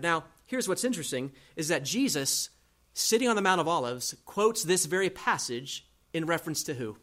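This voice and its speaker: This pastor's animated, slightly high voice carries an expository sermon. He takes scripture readings slowly and shifts from loud emphasis to soft, aside-like remarks.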